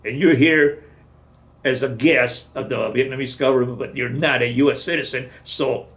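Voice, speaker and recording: A man doing a gruff, profane army colonel. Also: medium pitch, steady tone, a bit bright, natural voice. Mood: lecturing. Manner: profane, barking, fast. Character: gruff blunt male army colonel, senior officer.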